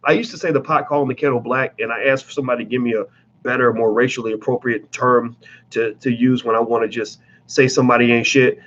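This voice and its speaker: A man's voice: mid-range voice, steady tone, fast, fairly bright tone, muffled recording, a little hiss or hum. A man giving blunt, emphatic commentary in a casual vlog, talking straight to his viewers with plenty of profanity.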